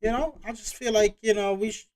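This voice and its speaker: A man's voice: high-pitched, steady tone, brisk, a little mellow. A man hosting a reaction video, chatting casually and exclaiming as he reacts.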